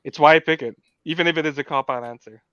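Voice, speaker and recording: A man's voice: fairly high pitch, fast talker, bright, forceful tone, clean tone, no echo, dull audio. A man co-hosting a podcast, talking earnestly and animatedly about a film, often restarting his sentences. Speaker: podcast co-host. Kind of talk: casual film discussion.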